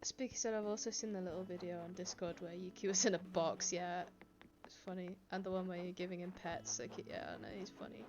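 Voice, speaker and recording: A woman's voice: on the low side, steady tone, fairly quick, dull audio. Giggly woman streaming from home. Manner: chatty, giggly, reads chat aloud. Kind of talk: casual live-stream chat. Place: home, indoors. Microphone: desk microphone.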